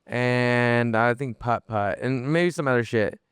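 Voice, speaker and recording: Smooth-voiced young man telling a story. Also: mid-range voice, a little slow, dry recording, clean studio sound. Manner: animated, lots of fillers and restarts, swears freely. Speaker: podcast guest. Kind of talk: casual storytelling.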